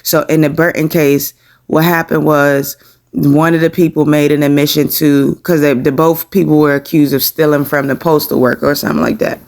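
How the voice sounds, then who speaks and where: A man's voice: a little high, little pitch movement, moderate pace, gravelly. A man giving casual, rambling commentary on a court case, with many restarts.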